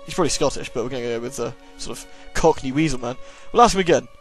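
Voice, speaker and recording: Talking very fast with few pauses, a man with a mid-range voice and a sore throat gives jokey, sarcastic gameplay commentary on a horror game. He's a let's play host, and faint music can be heard behind him.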